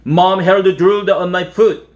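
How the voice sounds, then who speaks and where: A man's voice: fairly high pitch, lively intonation, moderate pace, fairly bright tone, voice pushed up. A man voicing a sulky older brother in a storybook reading. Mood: complaining.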